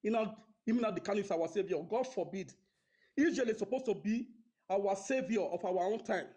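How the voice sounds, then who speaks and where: Stammering high-voiced Nigerian caller. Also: male voice, mellow. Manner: halting, stammering, Pidgin-mixed.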